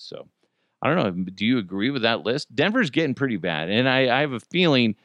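A man's voice: fairly low pitch, no echo. A man hosting a podcast, talking casually and rambling with plenty of swearing. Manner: rambling, profane, offhand. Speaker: podcast host. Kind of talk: casual solo podcast talk.

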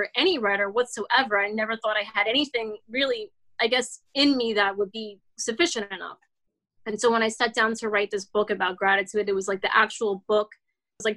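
A woman's voice: mid-range voice, pushed and bright, low-quality recording. Earnest rambling woman in her forties. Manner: rambling, frequent "like" fillers and restarts; earnest, reflective storytelling. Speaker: guest, children's author. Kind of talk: casual interview talk.

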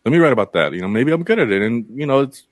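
A man's voice: medium pitch, big pitch swings, very fast, no echo, clean studio sound. A young adult man, a podcast guest, talking in casual conversation, candid and rambling, with many fillers and some swearing.

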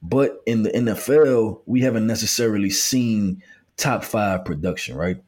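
A man with a fairly low voice co-hosts a relaxed football podcast. He speaks in a measured, conversational way, using fillers as he poses questions to his partner. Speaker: co-host, football analyst. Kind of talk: casual sports analysis chat.

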